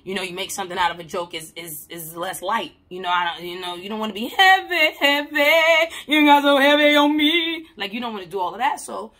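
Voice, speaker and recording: Woman, mental health worker, casual story to camera; husky, emphatic, blunt and repetitive. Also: lowish voice, fairly even intonation, fast talker, few pauses. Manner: emphatic, blunt and repetitive, swinging between loud and soft; swears casually.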